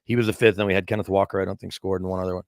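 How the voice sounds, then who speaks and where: A man with a fairly low voice talks sports quickly on a podcast. He rambles from point to point in a casual chat. The recording is dry and close. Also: level tone, no room sound.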